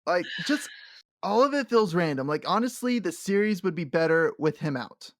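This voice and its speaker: A man co-hosting a casual podcast who laughs often and acts out quotes from the show in animated bursts. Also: sits high, moderate pace, no echo, clean studio sound. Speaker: podcast co-host. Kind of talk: casual chat.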